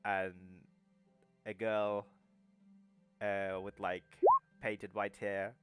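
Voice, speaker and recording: A man's voice: fairly low pitch, level tone, drawn-out words, over loud music. A man narrating as game master of a tabletop game, rambling with many fillers and restarts.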